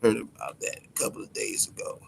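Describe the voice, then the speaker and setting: A man's voice: brisk, a little hiss or hum. A man hosting a casual boxing livestream, talking loosely and profanely and greeting viewers in the chat by name. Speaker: boxing podcast host.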